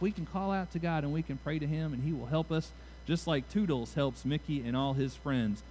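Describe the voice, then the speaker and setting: A man giving a children's moment during a church service, playful and animated as he draws the kids into call-and-response. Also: fairly high pitch, brisk. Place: church sanctuary.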